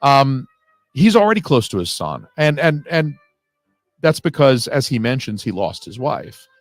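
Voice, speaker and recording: A man's voice: mid-range voice, sing-song, measured pace, no room sound, soft background music. A man hosting a casual audio commentary on a film, talking in a rambling, analytical way with the odd swear word.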